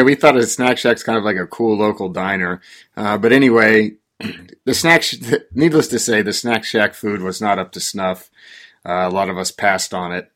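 A man's voice: lowish voice, fairly bright tone. A man from rural Oregon, co-hosting a casual chat and telling a ranting story with growing exasperation. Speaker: podcast co-host.

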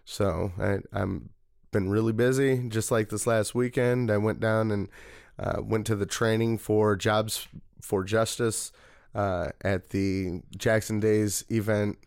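A man's voice: on the low side, takes it slowly, vocal fry, clean tone, no room sound, studio quality. A man telling a long, rambling story in a casual interview, with many fillers. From Missouri, United States. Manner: rambling, relaxed, frequent fillers. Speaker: political party committeeman, guest.

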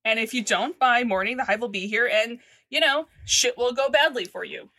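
A woman's voice: fairly high pitch, normal speed, pushed and bright, dry recording, studio quality. A woman co-hosting a podcast, recapping a TV episode in casual chat with chatty asides and laughter.

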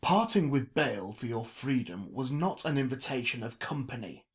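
A man's voice: mid-range voice, expressive, normal speed, lightly acted. A man reading a story aloud, voicing a pompous, grandiloquent man who talks in flowery archaic phrases.

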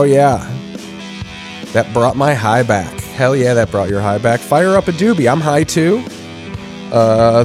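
A man hosting a podcast while sick with covid, chatting casually in a rambling, crude, joking way. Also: mid-range voice. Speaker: podcast host. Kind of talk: casual profane chat.

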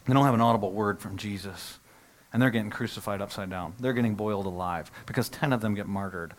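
A middle-aged male pastor preaching a sermon, animated, acting out the disciples' reactions and dropping to a hush for solemn points. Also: lowish voice, fast.

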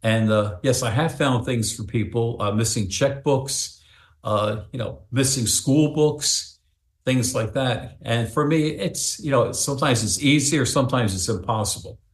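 A man's voice: mid-range voice, unhurried, reverberant. A man who is a psychic medium and a guest on an interview show, telling a long, rambling story with many fillers.

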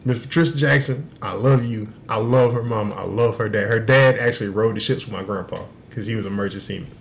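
A young man on a podcast, telling a story in an animated, profane way and laughing through the punchlines. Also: lowish voice, fast, creaky, slight background noise. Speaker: podcast co-host. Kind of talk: casual storytelling.

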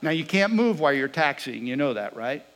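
A man preaching a sermon, telling a personal story with lively swings between loud bursts and hushed asides. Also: a little high, a little fast, low-quality recording.

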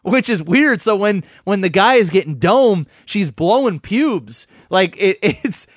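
A man's voice: big pitch swings, a little slow, no room sound. Profane rambling podcast guy, dry mic. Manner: profane, rambling, gets loud and high when worked up. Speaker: podcast co-host. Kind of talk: crude casual chat.

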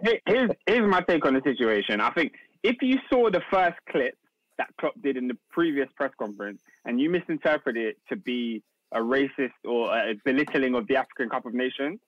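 A man's voice: mid-range voice, expressive, fairly quick, no room sound, muffled recording. A man, co-hosting a casual sports chat, slangy and steering the talk. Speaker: podcast co-host.

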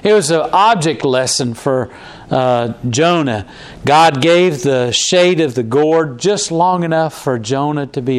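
A man's voice: mid-range voice, a little hiss or hum. A man preaching a conversational sermon, restarting words often and acting out quoted lines.

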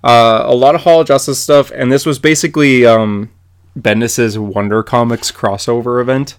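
Young male podcast co-host, smooth clear voice, easygoing chatty recaps. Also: mid-range voice, moderate pace. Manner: animated, filler-heavy comic recaps. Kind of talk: casual chat.

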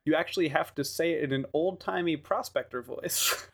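A man's voice: fairly high pitch, moderate pace. A man co-hosting a podcast in casual chat, joking around and laughing often. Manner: joking, laughs a lot, loose filler-heavy talk. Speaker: podcast co-host.

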